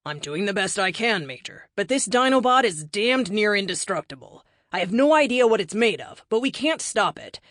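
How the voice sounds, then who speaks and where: A woman's voice: medium pitch, very animated, moderate pace, hardly any pauses, a bit bright, no echo, studio quality. A woman voicing a young male superhero leader, sarcastic and commanding. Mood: strained.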